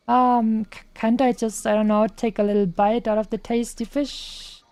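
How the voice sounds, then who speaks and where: A woman's voice: a little high, level tone, moderate pace, hardly any pauses, darkish tone, clear, resonant tone, no room sound. A young woman streaming a game, chatting casually and playfully, tossing in silly sound effects. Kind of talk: casual gaming chat.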